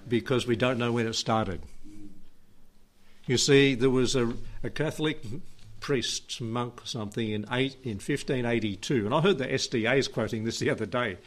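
A man pastor preaching a sermon, chatty and questioning, reading scripture slowly with emphasis and laughing now and then. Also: medium pitch. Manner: conversational preaching, asks the congregation questions, chuckles often.

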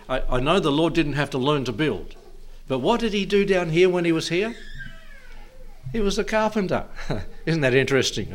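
Chuckling man preaching a sermon. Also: fairly high pitch. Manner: chuckles often between phrases; reads scripture slowly with rising emphasis. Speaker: pastor. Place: church service.

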